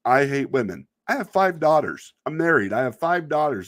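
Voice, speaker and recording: A middle-aged man hosts a casual video talk, rambling about online commenters in a wry, exasperated way and laughing at himself now and then. His voice is fairly high with big pitch swings, at normal speed.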